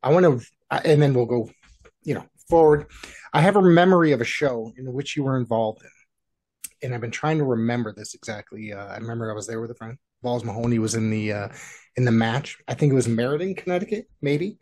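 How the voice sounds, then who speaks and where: A man's voice: mid-range voice, a little mellow. A male host with a mid-range voice leads a casual interview. He often stumbles and restarts, apologizing and correcting himself as he digs through his memory to ask a question. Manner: halting, self-correcting questions while recalling a memory.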